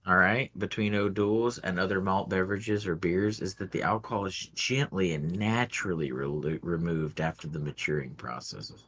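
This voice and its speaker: A man's voice: deep voice, normal speed, few pauses, fairly bright tone, breathy edge. A man co-hosting a podcast, chatting casually while tasting a beer, rambling with a wry, dry humor. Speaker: podcast co-host.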